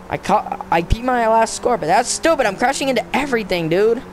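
A young man giving casual let's-play commentary on a racing game, talking to the game and himself in slang and often breaking into frustrated yelling. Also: very high-pitched, brisk, hardly any pauses, a little hiss or hum. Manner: excitable, frustrated, bursts into yelling outbursts; talks to the game and himself, slangy, "dude" and "bro". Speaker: gamer narrating his own play.

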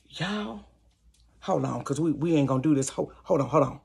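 Animated woman telling a storytime. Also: low-pitched, moderate pace, vocal fry. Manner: animated, laughing, addresses viewers as y'all and honey. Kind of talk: casual storytime. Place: her bedroom.

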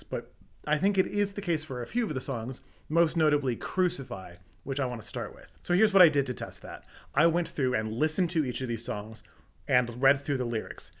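A young adult man hosting a music theory lesson, explaining step by step and now and then singing short examples. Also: mid-range voice. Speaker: music theory video host.

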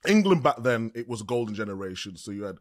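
A man's voice: fairly low pitch, sing-song, quick pace, no room sound, clean studio sound. A man co-hosting a football podcast, chatting casually and enthusiastically. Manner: enthusiastic, loud. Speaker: podcast co-host. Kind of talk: casual chat.

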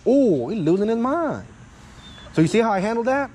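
A chatty male dog trainer coaches an owner outdoors by a parking area with cars, checking in with "yeah?" and "okay?" and dropping curses casually. His slightly high voice is warm and mellow, with big pitch swings and a moderate pace. Faint traffic sits in the background of a rough recording.

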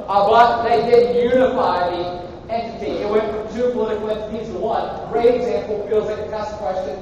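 A man's voice: high voice, brisk, a little mellow, a little hiss or hum. A male university professor giving a live lecture, joking irreverently and quizzing his students in a large hall. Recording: echoey lecture hall from far off, dull.

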